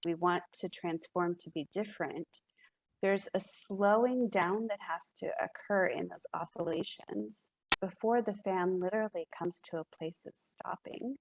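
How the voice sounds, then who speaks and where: A woman's voice: on the low side, unhurried, creaky, slight background noise, low-quality recording. A woman speaking as a guest in a casual podcast conversation, reflective, with frequent fillers and restarts.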